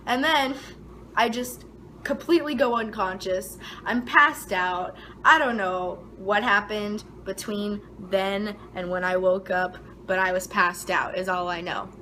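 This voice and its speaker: A woman's voice: slight background noise, rough recording. A young woman vlogger telling a story in a casual, dramatic way, full of "like" fillers, her voice leaping up when she quotes herself. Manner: animated, dramatic retelling with frequent "like" fillers; voice jumps high and loud when quoting herself.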